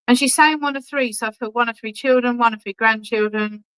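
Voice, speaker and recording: A woman's voice: fairly high pitch, a bit bright, smooth, low-quality recording. A woman working as a medium, giving chatty, reassuring clairvoyant readings at an online church service and calling people darling. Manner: chatty and reassuring, keeps checking in with "okay?"; affectionate, calls people darling. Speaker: spiritualist medium.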